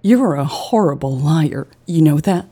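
A woman's voice: low voice, expressive, measured pace, warm tone, breathy edge, exaggerated voice. A woman reading the lines of a grieving, hostile woman in an audiobook, sneering and confrontational. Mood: bitter, accusing.

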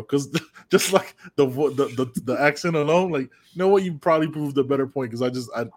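A man from the United States co-hosting a casual sports podcast, rambling and animated, swearing freely. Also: mid-range voice, a little fast. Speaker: podcast co-host.

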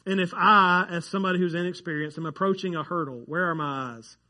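A man preaching a sermon to his church, chatty and joking with the congregation, growing excited over facts that surprise him. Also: high-pitched, fast. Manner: conversational, jokes with the congregation, gets animated over surprising facts. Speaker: pastor. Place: church sanctuary.

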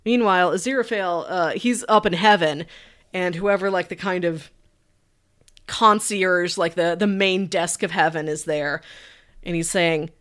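A woman podcast co-host casually recapping a TV show, chatty and animated, laughing often. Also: on the low side, unhurried.

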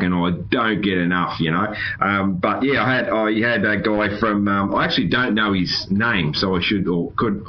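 Aussie guy hosting a chat, low voice, kinda dull lo-fi sound, rambly n easygoing. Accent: Australian. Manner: laid-back, rambling, laughs often, says "man" a lot. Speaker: podcast host. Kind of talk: casual chat.

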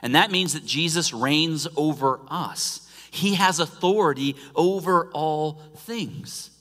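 The sermon comes from a pastor whose voice leans high and whose pace is slow. Bright and forceful, he repeatedly falls from loud stresses to hushed near-whispers, all wrapped in the sanctuary's long echo.

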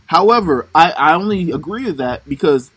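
A man's voice: a little high, lively intonation, normal speed, a bit bright, husky, no room sound, poor audio. A young man co-hosting a casual chat, rambling with lots of fillers and slang. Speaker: podcast co-host. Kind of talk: casual chat recapping a reality show.

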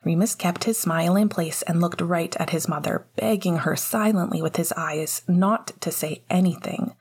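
A woman narrating a novel chapter in a soft, half-whispered reading. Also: fairly low pitch, normal speed, breathy edge. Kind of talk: audiobook reading of fiction.

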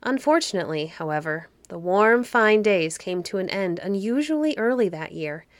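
A woman narrating a fairy story for a podcast in a soft, cozy, unhurried manner. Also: mid-range voice, lively intonation, dry recording.

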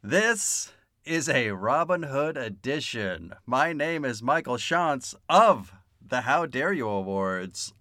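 A man's voice: mid-range voice, lively intonation, slow pace, sharp tone, no room sound, clean studio sound. A man hosting a podcast, introducing his guest in a playful, laughing, emphatic way. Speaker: podcast host.

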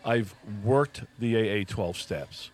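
A man's voice: lowish voice, lively intonation, slow, soft background music. A man co-hosting a casual podcast chat, thinking aloud in a reflective way with frequent restarts. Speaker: podcast co-host.

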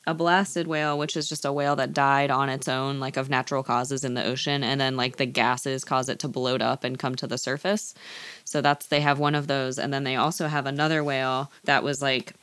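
A woman with a low voice chats through a book's plot on a podcast, slipping into quoted lines and filler words. The sound is dry and close, with no room around it. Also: level tone, brisk, fairly bright tone, clean tone, dry recording. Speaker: podcast co-host. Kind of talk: casual book-club chat.

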